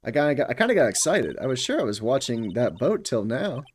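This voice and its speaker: Man voicing a rambling woman witness, folksy, lively pitch. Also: quick pace. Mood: sheepish. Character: bubbly young female photographer witness.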